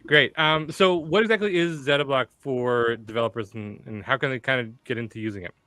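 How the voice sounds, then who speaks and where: A man hosting a live developer workshop stream, upbeat and energetic, with frequent "uh" fillers. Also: mid-range voice, a little fast, no room sound. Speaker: livestream workshop host.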